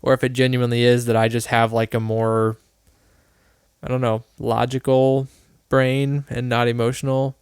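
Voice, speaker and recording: A man's voice: medium pitch, flat delivery, normal speed, a little mellow, clear, resonant tone, dry recording, studio quality. A man co-hosting a podcast, thinking aloud in a loose, rambling way with many restarts. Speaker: podcast co-host. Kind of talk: casual chat.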